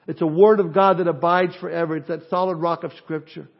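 A man with a high voice preaches to his congregation in an expressive style. He pushes his key points loudly and drops to quiet asides in between. The recording sounds dull and lo-fi. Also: fairly quick. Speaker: pastor. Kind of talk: sermon.

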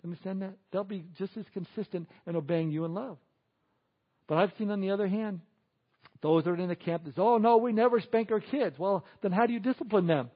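A man preaching a sermon as a pastor, animated, acting out quoted people in exaggerated voices. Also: high voice, brisk, muffled recording.

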